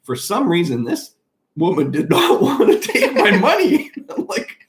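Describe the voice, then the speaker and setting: A man co-hosting a casual church live chat, telling a story in an animated, rambling way with frequent restarts. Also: sits high, normal speed. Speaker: church staff co-host.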